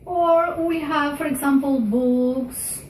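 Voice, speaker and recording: A woman teaching a grammar lesson at an unhurried pace, often pausing on fillers and checking in with "okay?". Her voice sits a little high, and she sounds set back from the mic. The room is echoey, with faint noise underneath. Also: recorded from a distance.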